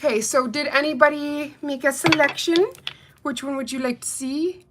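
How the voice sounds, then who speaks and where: A woman's voice: high-pitched, steady tone, moderate pace, background noise. A young adult woman reviewing nail polish in a casual unboxing chat, bubbly and chatty, talking straight to her viewers.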